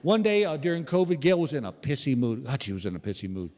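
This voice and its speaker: This is stand-up comedy from a man in his sixties, delivered fast in a mid-range voice. He spins stories in an animated way and speaks to the theater crowd, with the room's long reverb and faint noise audible.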